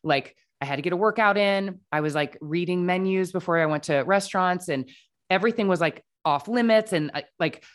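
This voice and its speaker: Woman, deep-pitched voice, casual podcast chat, lots of "like" fillers, plays out quoted dialogue. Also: fairly quick. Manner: chatty, frequent "like" fillers, acts out quoted dialogue. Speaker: podcast guest, author. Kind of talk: casual conversational storytelling.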